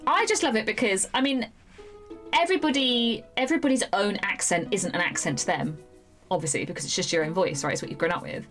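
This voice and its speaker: A woman from the United Kingdom, a live streamer and voiceover artist, chats casually from a home room at night with faint music behind her. Her medium-pitched voice is a bit bright. She rambles, laughs often and slips into quick impressions.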